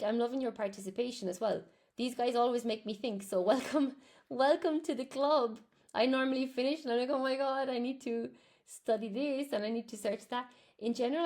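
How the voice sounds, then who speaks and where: A woman's voice: a little high, vocal fry, darkish tone. A young Irish woman teaching English on a live stream, chatting as she answers viewers' comments. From Ireland.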